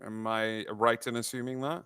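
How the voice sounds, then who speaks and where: A man's voice: medium pitch, steady tone, normal speed, bright, forceful tone, clean tone, no echo. A man playing a tabletop game, talking through plans with many hesitations. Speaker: player. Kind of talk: casual tabletop play.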